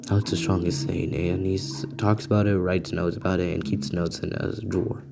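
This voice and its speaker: A young man improvising a fan-fiction story in a rambling, halting way, with asides to his listeners. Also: deep voice, flat delivery, vocal fry. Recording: beat music playing behind. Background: music beats.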